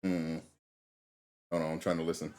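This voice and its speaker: A man's voice: a bass voice, flat delivery, moderate pace, darkish tone. A man streaming a game live, chatting casually with his viewers in laid-back slang and laughing often. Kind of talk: casual live-stream chat while gaming.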